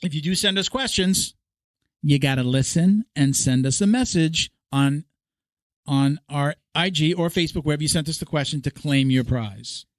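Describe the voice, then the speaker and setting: Podcast host, male, slightly high voice, loose rambling read of sponsors, dry close mic. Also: moderate pace, dry recording. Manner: rambling, laughs often. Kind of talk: casual podcast chat reading sponsor reads. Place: studio.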